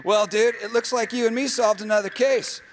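A man's voice: very high voice, steady tone, a little fast, background noise. An actor playing a dopey, laid-back male spy who wisecracks in a comedy audio drama. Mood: chummy.

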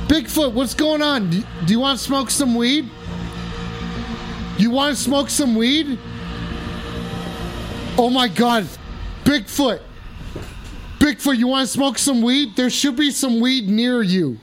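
A man giving profane, excited comedic commentary while high, yelling and rambling. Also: takes it slowly, pauses often, music in the background.

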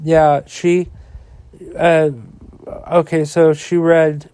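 A man's voice: on the high side, level tone, dark tone, clear, resonant tone, no echo. A tired man hosting a podcast alone, rambling and swearing about the news, with many fillers. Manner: profane, angry ranting; slow, rambling delivery with frequent fillers. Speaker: podcast host. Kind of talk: casual solo political commentary.

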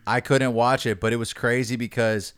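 A man's voice: mid-range voice, flat delivery, normal speed, fairly bright tone, clean tone, no room sound, studio quality. A man co-hosting a casual podcast who explains things in a laid-back way with hesitant fillers. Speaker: podcast co-host. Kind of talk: casual chat.

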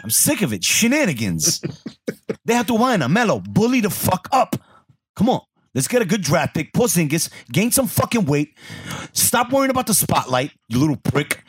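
A man co-hosting a podcast in casual chat, loud and profane, slipping Spanish slang into his talk. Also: high voice, big pitch swings, fairly quick, husky. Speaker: podcast co-host.

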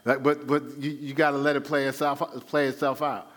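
A male pastor delivering a sermon in a relaxed, conversational way. He keeps throwing questions out to the congregation so they can finish his sentences, and his voice sits at an ordinary middle pitch for a man. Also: fairly quick. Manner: conversational preaching with call-and-response questions. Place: church.

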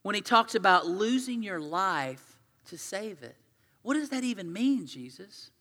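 High, bright-voiced pastor preaching. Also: male voice, very animated, a little slow, in a large hall. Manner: earnest, conversational preaching, retelling scripture in his own words. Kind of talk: sermon.

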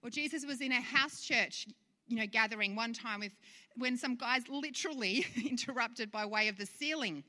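Bright-voiced woman preaching. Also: fairly high pitch, normal speed, in a large hall. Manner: conversational, rhetorical questions, light laughs. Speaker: pastor. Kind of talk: sermon.

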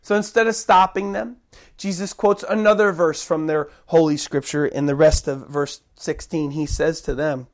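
A preacher giving a sermon, emphatic, slowing down to stress key phrases. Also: mid-range voice, fairly even intonation. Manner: emphatic, shifting pace with slow stressed phrases.

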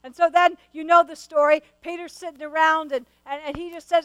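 A woman preacher with a strikingly high voice delivers an earnest sermon. She questions her listeners directly and often restarts her phrases with stammers. The sound is close and dry. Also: fairly even intonation, fairly quick, hardly any pauses, a bit bright, no echo, rough recording.

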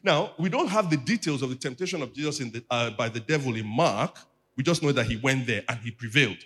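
A pastor delivering a teaching sermon in church, calling on the congregation to repeat after him. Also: male voice, medium pitch, expressive, fast, a bit bright, breathy edge.

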